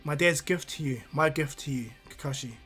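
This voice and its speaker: A man's voice: on the high side, moderate pace, fairly bright tone, slightly rough, faint music behind. A man voicing a cocky teenage boy ninja who is blunt and bossy, in a casual spoken fan story. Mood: teasing.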